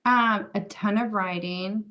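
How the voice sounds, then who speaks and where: A woman's voice: medium pitch, steady tone, takes it slowly, muffled recording. A woman guest on a podcast, talking candidly and reflectively in casual chat, acting out her own thoughts as quotes. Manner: candid, reflective, many fillers and acted-out quotes.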